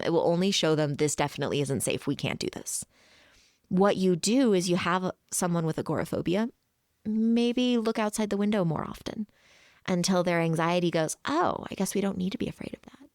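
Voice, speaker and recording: A woman hosting a podcast, explaining emotional regulation to listeners, voicing inner thoughts in quick quoted asides and laughing lightly between points. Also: lowish voice, darkish tone, dry recording, studio quality. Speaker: podcast host.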